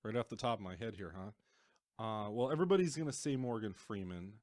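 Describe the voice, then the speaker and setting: A man's voice: on the low side, expressive, fairly quick, crowd noise. A man co-hosting a podcast in casual chat, giving short, hesitant replies and laughing along. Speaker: podcast co-host.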